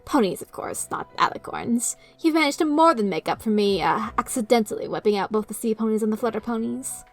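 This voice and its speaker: A woman's voice: on the high side, fairly quick, soft background music. A woman doing a falsely posh male trickster. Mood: smug. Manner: falsely posh, drawling, mocking. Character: smug chaos spirit, male, mocking trickster.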